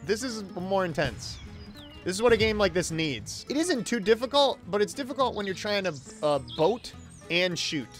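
A man reviewing a video game with jokey, excitable commentary and sudden exclamations. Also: sits high, normal speed, soft background music. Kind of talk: comedic gameplay commentary.

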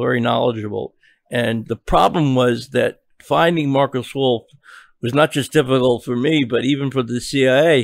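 Older guy telling an old story on a podcast, gravelly, lots of stops and restarts, dry close sound. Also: mid-range voice, no room sound. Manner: halting, many restarts and repeated words. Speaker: interview guest, journalist.

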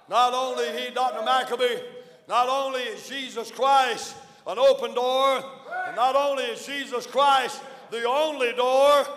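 A Southern American man preaching a fiery evangelistic sermon as pastor, shouting in refrains with frequent "uh" fillers. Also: very high voice, in a large hall. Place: church sanctuary.

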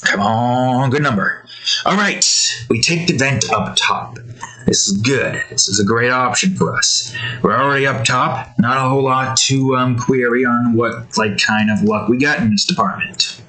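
A young man casually narrating a dice-driven escape story while drawing, rambling with fillers and sudden jumps up in pitch. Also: moderate pace, bright, forceful tone, rough recording.

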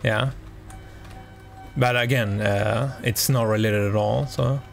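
Chill gamer dude, slow talker, gravelly, swoopy voice. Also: male voice, on the low side, fairly even intonation, faint music behind. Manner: laid-back, laughs often. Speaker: gaming channel host. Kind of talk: casual gameplay chat.

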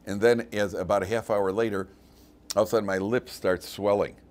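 Animated older rabbi telling stories. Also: male voice, a little fast. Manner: animated storyteller, laughs at his own jokes, big jumps in pitch and loudness. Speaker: rabbi teaching a weekly Torah class. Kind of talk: lively class talk with personal anecdotes.

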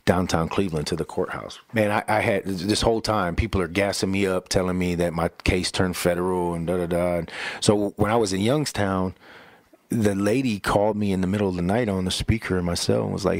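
In an interview, a pastor with a low, fairly quick voice and noticeable vocal fry casually tells his life story. An animated storyteller, he acts out what people said, repeats words, and keeps saying "bro" and "right?". There's no room sound.

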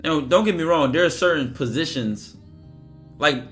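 A man's voice: a little high, animated, moderate pace, fairly bright tone, faint music behind. A man talking casually and emphatically on a livestream, acting out bits of dialogue as he goes. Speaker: streamer. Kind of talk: livestream monologue.

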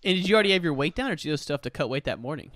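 A man's voice: fairly high pitch, lively intonation, rapid-fire, a bit bright, no echo. A man hosting a podcast, asking questions in a laid-back, casual way and calling his guest "dude". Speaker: podcast host. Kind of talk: casual interview chat.

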